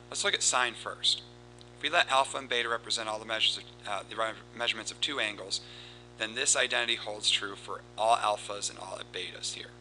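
Bright-voiced man teaching math. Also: medium pitch, slight background noise, poor audio. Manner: explanatory, steady, rhythmic recitation of formulas. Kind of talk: recorded lesson with board work.

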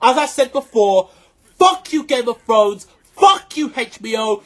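A vlogger giving an angry, profanity-filled reaction rant to camera, often shouting and repeating points for emphasis. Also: mid-range voice, measured pace.

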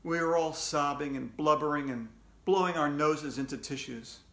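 A man with a fairly high voice reads a children's story aloud, playful and animated as he goes. The sound bounces around a roomy, echoey space. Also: moderate pace, slight background noise. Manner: animated, raises pitch for character voices. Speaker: children's author reading aloud. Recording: echoey room.

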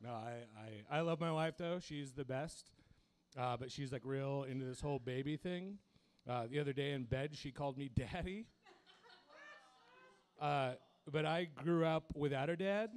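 A man's voice: medium pitch, moderate pace. A young man doing a crude, self-deprecating stand-up set, laughing at his own jokes. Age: young adult. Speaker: stand-up comedian.

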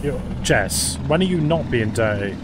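A man's voice: mid-range voice, animated, unhurried, very noisy. Guy streaming live, thanking chat by name, cars and engines going behind him. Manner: chatty, thanks viewers by name. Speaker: livestream host.

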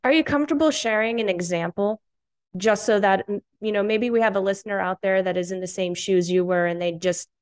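A woman hosting a podcast interview, asking her guest gentle, supportive questions. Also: medium pitch, a little fast. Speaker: podcast host. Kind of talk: casual interview.

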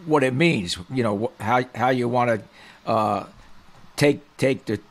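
Older male guest, gravelly, rambling storyteller. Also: mid-range voice, a little slow. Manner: rambling, repeats himself while recalling. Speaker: podcast guest expert. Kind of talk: casual chat.

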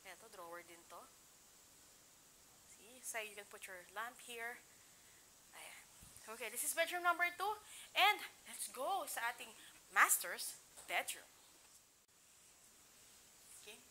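Filipino girl doing a house tour, high bright voice, gushes over every room, bit of hiss. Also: expressive, a little slow, pauses often, rough recording. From Philippines. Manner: chatty, enthusiastic, exclaims over features. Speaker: real estate house tour host. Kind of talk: casual walkthrough tour, mixing Tagalog and English. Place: indoors in an empty furnished house.

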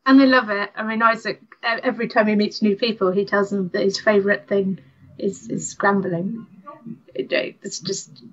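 A woman, a hiking mother, telling family trail stories in a chatty, animated way as a podcast guest. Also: mid-range voice, fairly quick, highs cut off. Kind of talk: interview.

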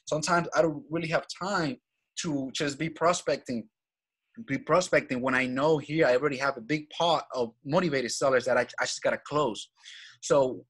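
A man's voice: a little high, a bit bright, breathy edge. A man from Venezuela, a guest in a casual interview who talks with energy and keeps repeating his main points, often adding "right?" and "man". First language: Spanish. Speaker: guest, real estate acquisitions manager.

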